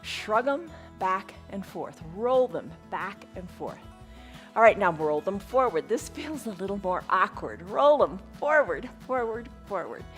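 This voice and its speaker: A woman's voice: mid-range voice, sing-song, a little slow, fairly bright tone, soft background music. A woman teaching a live online yoga class, encouraging and upbeat, with laughs between her cues. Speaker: yoga instructor.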